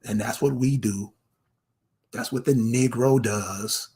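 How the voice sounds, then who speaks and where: A man's voice: mid-range voice, a little slow, creaky, pauses often, a little mellow, slightly rough. A man delivering a confrontational commentary, firing rhetorical questions straight at the viewer. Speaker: online commentator. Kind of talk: ranting commentary to camera.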